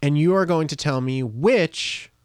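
A man's voice: a little high, unhurried, a little mellow, clear, resonant tone, dry recording, studio quality. A man co-hosting a podcast, running a quiz game and reading reviews aloud in casual, jokey banter.

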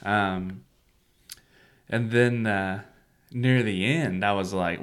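A man's voice: fairly low pitch, extremely slow, a bit bright, clear, resonant tone. A man co-hosting a church podcast, chatting casually and laughing often. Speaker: podcast co-host. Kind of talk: casual chat.

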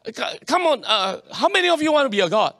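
A man preaching a sermon, animated, with local particles and many restarts. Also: very high voice, fast. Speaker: pastor.

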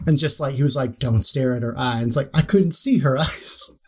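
A man casually telling a funny anecdote, animated and salty, with lots of likes. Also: mid-range voice, fairly quick, breathy edge. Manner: animated, swearing, full of likes. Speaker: player. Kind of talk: casual storytelling.

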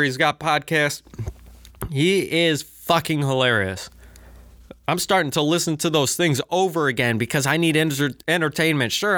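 A man's voice: on the high side, sharp tone, dry recording, clean studio sound. A man hosting a solo podcast from his basement, ranting with heavy swearing, rambling asides and lots of filler words. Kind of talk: profane ranting monologue. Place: home basement, alone.

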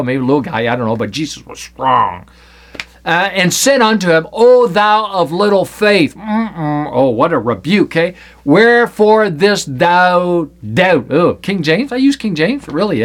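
Guy teaching from the bible, high-ish voice, jokey and animated, acts out the verses. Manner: playful, acts out scripture with put-on voices.

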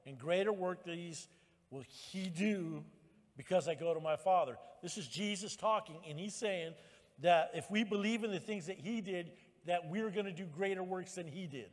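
A male pastor preaching a sermon at church, emphatic and rising to loud exhortation. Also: high voice, normal speed, big-room sound.

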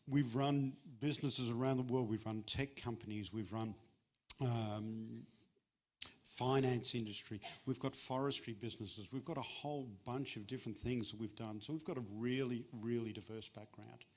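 A middle-aged man delivering a sermon as a guest speaker. He keeps it conversational and joking, and his pitch leaps high whenever he stresses a point. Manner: conversational and humorous, with lively jumps in pitch for emphasis.

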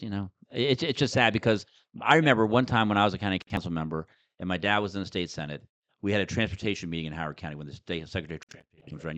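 Middle-aged man, podcast guest, quick speech, animated, restarts often. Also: deep voice. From Maryland. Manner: animated, talks fast, with frequent restarts. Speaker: podcast guest, former state senator. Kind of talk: casual political conversation.

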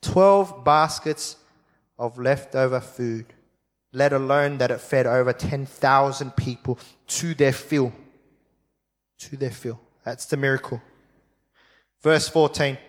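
A man preaching a sermon, telling the story in a lively, jokey way and acting out the voices of the people in it. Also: mid-range voice, a little slow, pauses often, long reverb tail.

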